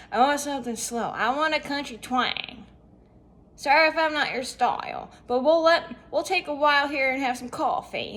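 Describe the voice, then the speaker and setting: High-voiced chatty young woman vlogger. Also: a bit bright. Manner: chatty, rambling, lots of rhetorical questions. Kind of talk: casual rambling self-help monologue.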